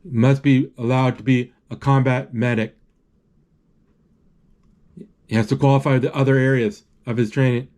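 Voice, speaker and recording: A man retelling a film as it plays, describing scenes and reading lines aloud in a halting way with many restarts. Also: medium pitch. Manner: halting, restarts often, reads out dialogue flatly. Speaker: movie narrator. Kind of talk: casual live retelling of a film.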